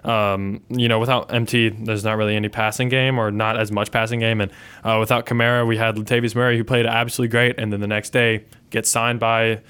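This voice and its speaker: A man's voice: lowish voice, level tone, a little fast, a bit bright, clear, resonant tone. A man on a sports panel rambling through answers full of "you know" and "um". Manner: rambling, lots of fillers. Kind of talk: casual sports talk.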